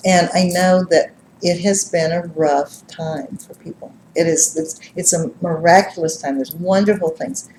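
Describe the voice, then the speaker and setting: Middle-aged woman, lowish voice, psychic reader chatting to a live group, animated storyteller; roomy echo. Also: a little hiss or hum. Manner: animated, laughs and acts out quotes. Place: live-streamed gathering room.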